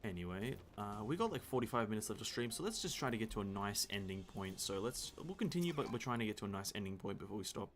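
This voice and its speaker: A man's voice: lowish voice, big pitch swings, quick pace, hardly any pauses. A man with an Australian accent giving casual live-stream commentary while playing a game, chatty and swearing freely.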